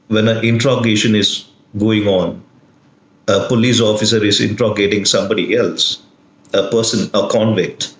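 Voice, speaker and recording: Slow, emphatic male lecturer in echoey room. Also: fairly low pitch. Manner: slow, deliberate, with strong emphasis on single words. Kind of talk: recorded video lesson.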